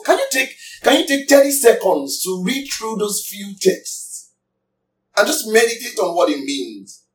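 A pastor with a high, very animated voice preaches an emphatic sermon at an unhurried pace, putting questions to his congregation as he teaches. He's recorded from a distance, off mic, in an echoey room.

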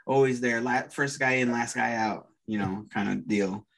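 An easygoing man on a casual podcast, speaking in a husky, slightly raspy voice at a middle pitch. He laughs along with his co-host and drops man and dude into his sentences. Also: steady tone, normal speed, a bit bright.

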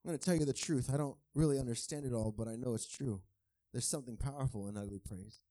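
A man preaching a sermon in a conversational, joking way, who swings from quiet asides to shouted, half-sung praise. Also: medium pitch, fast, dry recording, studio quality. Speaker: pastor.

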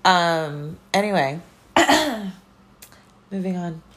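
Low-voiced woman chatting and swearing. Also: very animated, very slow, a bit bright. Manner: rambling, profane, chatty. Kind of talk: casual chat.

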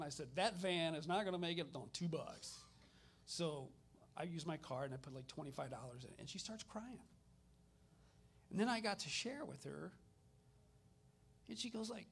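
A man's voice: high voice, slightly rough. Chatty man preaching. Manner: conversational storytelling, animated retellings. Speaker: minister. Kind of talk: sermon with personal stories.

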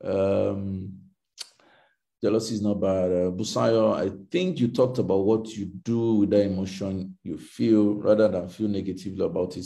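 A man teaching and answering audience questions in a motivational session, emphatic and repetitive, with faith phrases, acting out quoted dialogue with big jumps in pitch. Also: gravelly, dark tone.

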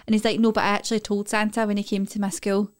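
A woman's voice: medium pitch, level tone, fast talker, smooth. A woman co-hosting a podcast, chatty and swearing freely. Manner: chatty, swearing, laughing often. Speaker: podcast co-host. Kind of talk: casual chat.

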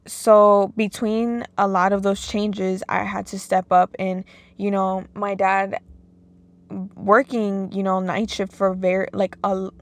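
A young woman hosting a podcast, talking casually and emotionally about her past with lots of "like"s. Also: mid-range voice. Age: young adult. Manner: casual, emotional, filler-heavy with many "like"s. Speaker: podcast host. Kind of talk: personal monologue.

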